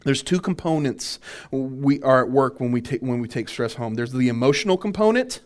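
A man, a minister, teaching a church workshop on boundaries, animated and full of restarts as he tells stories. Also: medium pitch, moderate pace. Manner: animated storytelling with many restarts.

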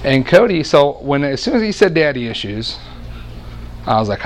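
A man in his thirties delivers a sermon from a church stage, telling stories with a joking, lively energy. He often breaks off and restarts his sentences, and his voice sits at an ordinary middle pitch. A faint hiss of noise runs under the recording. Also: normal speed. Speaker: preacher.

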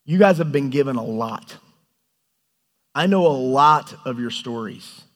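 A man preaching a sermon, animated and storytelling, often acting out quoted lines. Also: medium pitch, unhurried. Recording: hall reverb.

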